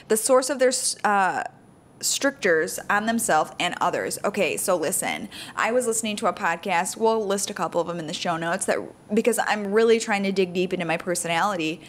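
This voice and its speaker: Chatty woman podcast co-host. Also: mid-range voice. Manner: animated, laughs often, quick bursts of explanation. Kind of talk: casual married-couple chat.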